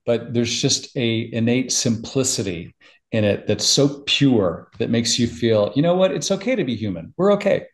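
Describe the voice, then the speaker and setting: A man's voice: medium pitch, normal speed. Emotional middle-aged man telling a story. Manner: emotional, tearing up, animated storytelling. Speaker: podcast guest. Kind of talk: casual interview chat.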